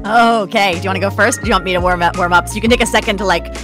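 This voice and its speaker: A woman's voice: medium pitch, steady tone, rapid-fire, music in the background. A woman voice actress chatting casually as a guest, playful and laughing often. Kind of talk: casual chat.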